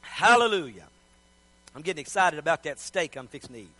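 A man's voice: a little high, big pitch swings, a little fast, bright, forceful tone. A man preaching a sermon, telling the story in a folksy, joking way.

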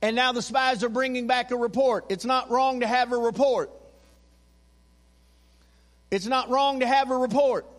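A man preaching a sermon in a church, animated and calling on the congregation to repeat phrases back to him. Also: very high-pitched, normal speed, pauses often, big-room sound. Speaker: pastor. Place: church sanctuary.

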